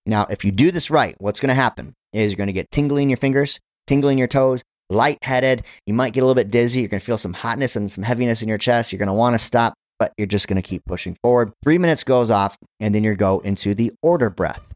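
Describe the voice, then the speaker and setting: A man hosting a podcast, coaching listeners through counted breathing and prayer in a steady, guiding way. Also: medium pitch, quick pace, few pauses, dry recording, clean studio sound. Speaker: podcast host.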